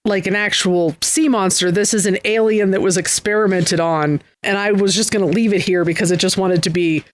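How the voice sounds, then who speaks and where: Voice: mid-range voice, steady tone, a little fast. A podcast co-host recapping an old comic, sarcastic and swearing casually. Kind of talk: casual comic book chat.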